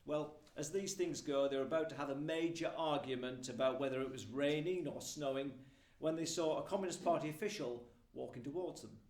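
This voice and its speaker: A man tells a joke to a concert crowd, slightly higher in pitch than most men. He keeps a deadpan storytelling manner and gives the quotes their own voices. The room around him is echoey. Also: a little fast, hardly any pauses. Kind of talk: telling a joke to an audience. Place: event rooms.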